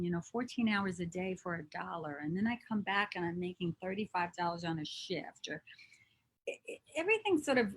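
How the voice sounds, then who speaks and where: A woman from New Jersey, an interview guest, telling her life story in an earnest, reflective way. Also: mid-range voice. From New Jersey, USA. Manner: reflective, earnest, with frequent restarts. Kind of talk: conversational storytelling.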